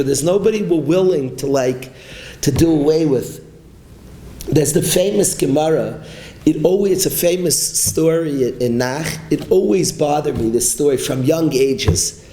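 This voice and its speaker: A man's voice: a little high, warm tone, echoey room, low-quality recording. A man, a rabbi, giving an impassioned Torah class to a learning group, repeating his points and mixing in Yiddish and Hebrew terms. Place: study hall with a learning group.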